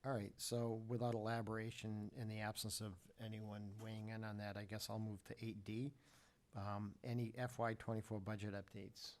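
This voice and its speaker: Low-voiced man chairing a meeting. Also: little pitch movement, a little hiss or hum. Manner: measured, halting with many fillers. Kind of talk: formal public meeting.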